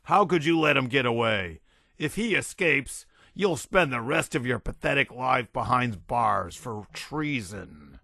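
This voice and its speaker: A man's voice: mid-range voice, expressive, a little slow, vocal fry, sharp tone, no room sound, clean studio sound, exaggerated voice. A man voicing a blustering, raving army general who bellows and rants. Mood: roaring. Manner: bellowing, ranting, unhinged.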